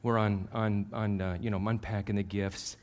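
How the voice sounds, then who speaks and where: A pastor in his fifties with a somewhat low voice delivers a sermon built on personal stories. He tells them in a lively, self-mocking way and raises his voice for the punchlines. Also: normal speed. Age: 50s. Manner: animated, self-deprecating storyteller who gets loud at punchlines.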